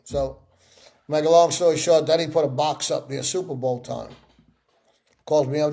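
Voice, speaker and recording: A middle-aged man tells stories in a sit-down interview. His voice sits a little high and has a gravelly rasp. He talks animatedly and acts out the people he describes. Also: normal speed, long pauses. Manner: animated storyteller acting out quoted voices. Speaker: interview guest.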